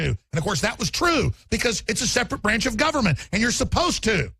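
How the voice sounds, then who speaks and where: A male talk radio host giving rapid, mocking political commentary. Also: sits high, very animated, gravelly, bright, forceful tone, slightly rough, no echo.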